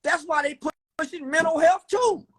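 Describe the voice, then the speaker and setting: A man hosting a livestream, talking loud and profane, swinging between preaching and joking. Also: extremely high pitch, moderate pace. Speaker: livestream host. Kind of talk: casual livestream rant.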